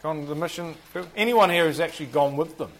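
A man's voice: on the high side, fast talker, a crowd in the background, low-quality recording. A man with a New Zealand accent teaching a Bible class, quizzing the group and joking at his own expense. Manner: chatty, self-deprecating, asks the group questions.

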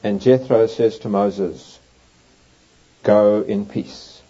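A man's voice: lowish voice, fairly even intonation, drawn-out words, pauses often, warm tone. A man preaching a Bible teaching sermon, reading scripture aloud with emphatic, swooping delivery. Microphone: overhead projector in use, lecture setting. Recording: dull lo-fi recording.

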